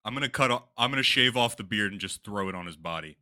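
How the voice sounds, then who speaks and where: Male tabletop player, low and sharp, crude and playful. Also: quick pace. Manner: crude, animated describing of actions. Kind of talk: tabletop game play, casual.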